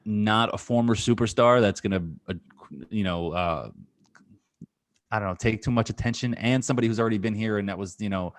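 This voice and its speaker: A man's voice: fairly low pitch, brisk, no echo. A man co-hosting a podcast in casual sports chat, rambling with frequent laughs and restarts. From New York area. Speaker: podcast co-host.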